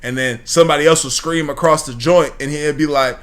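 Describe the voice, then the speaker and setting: A man's voice: fairly high pitch, steady tone, fairly quick, fairly bright tone. A man hosting a reaction video, talking casually with lots of slang and swearing, rambling and laughing as he watches.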